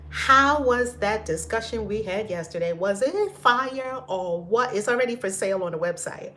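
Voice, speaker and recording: A woman's voice: medium pitch, animated, moderate pace, few pauses, fairly bright tone, slight background noise. A woman hosting a live stream, chatting casually and effusively with viewers, greeting them by name and laughing often. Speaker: livestream host.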